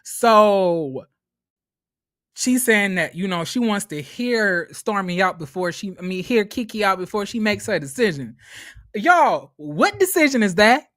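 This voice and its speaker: A man with a high, lively voice recaps a reality show. He swears freely and stammers through restarts as he tells the story. The recording is dry and close-up. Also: measured pace, no echo. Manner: animated, profane, stammering restarts. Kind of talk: casual profane recap commentary.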